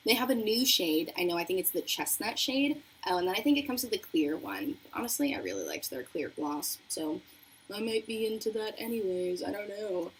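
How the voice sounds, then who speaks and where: Doing her makeup in her apartment, this young woman runs a casual beauty livestream and cheerfully reads out messages from viewers. Her husky mid-range voice moves with lively intonation at an ordinary speed. Audio quality is poor, with a noisy radiator hissing faintly in the background.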